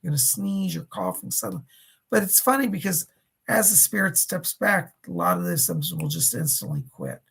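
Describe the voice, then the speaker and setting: A middle-aged man hosting live psychic readings, chatting warmly with viewers by name and relaying messages. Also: high-pitched, very animated, a little fast, creaky, husky. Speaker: psychic medium host.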